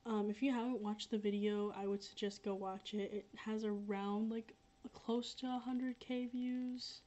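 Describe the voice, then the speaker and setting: A young woman talking casually on a livestream, her pitch sitting in an ordinary middle range. She rambles, fills pauses with "um" and "like," and says things again and again. The sound is a little dull and lo-fi. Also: little pitch movement, warm tone. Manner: rambling, filler-heavy, repeats herself. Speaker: livestreaming creator. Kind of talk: casual livestream chat reading comments.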